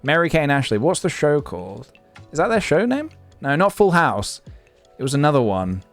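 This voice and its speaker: A man's voice: on the high side, big pitch swings, normal speed, soft background music. Rambling young man streaming. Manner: rambling, thinking aloud, many fillers. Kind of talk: casual live-stream chat.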